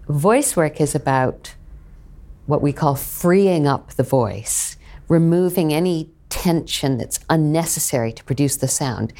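A woman who is a voice coach, explaining her work in an interview in a measured, teacherly way. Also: deep voice, mellow. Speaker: voice coach guest.

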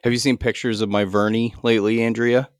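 A man's voice: medium pitch, level tone, brisk, no echo, studio quality. A man hosting a podcast in casual chat, laid-back, swearing freely and laughing often. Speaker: podcast host.

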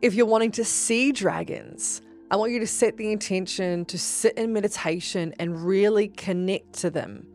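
A young woman hosting a podcast, telling spiritual stories in a casual, profane, animated way that jumps into excited shouts. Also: normal speed, few pauses, faint music behind. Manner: animated, profane, bursts into high excited shouts when reenacting. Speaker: podcast host. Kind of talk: casual storytelling monologue.

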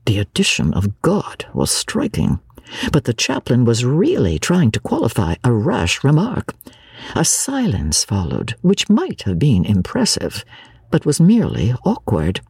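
A woman reads a classic novel aloud with theatrical expression, her voice husky and breathy with lively swings of pitch. The recording is close and dry. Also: no room sound. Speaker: narrator. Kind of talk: dramatic reading of a classic novel.

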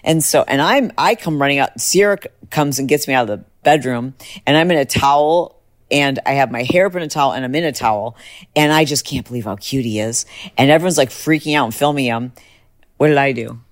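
A middle-aged woman hosts a podcast, chatting casually and telling a story at a brisk clip. Her pitch jumps lively whenever she gets excited.

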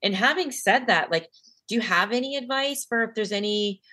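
Bright-voiced chatty woman host. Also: fairly high pitch, expressive, moderate pace. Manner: chatty, lots of "like" and "you know"; gets emotional telling a memory. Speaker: podcast host. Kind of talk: casual conversational interview.

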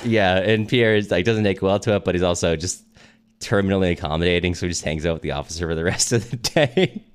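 A man's voice: low-pitched, fast, clear, resonant tone. A man co-hosting a podcast, casually summarizing a novel with fillers and frequent laughter. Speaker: podcast co-host. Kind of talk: casual book discussion.

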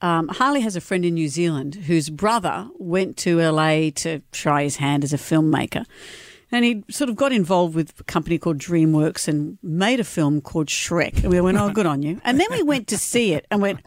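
A woman's voice: on the low side, lively intonation, normal speed, dry recording, clean studio sound. A woman hosting a radio chat show, telling stories and teasing her co-host. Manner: storytelling, teasing. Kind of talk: casual chat.

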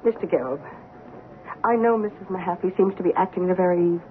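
An actress playing a calm, knowing older woman with a quiet, measured delivery, in a 1970s radio drama. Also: on the low side, lightly acted. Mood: grave. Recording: tinny 1970s radio broadcast, faint hiss.

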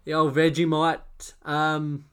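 A man co-hosting a casual sports podcast, relaxed and full of fillers. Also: a little high, slow, smooth. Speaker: podcast co-host.

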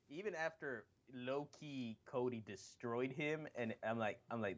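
A man's voice: medium pitch, expressive, brisk, a bit bright, highs cut off. Rambling, cursing male podcast host. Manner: rambling, profane, acts out quotes. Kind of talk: casual wrestling chat.

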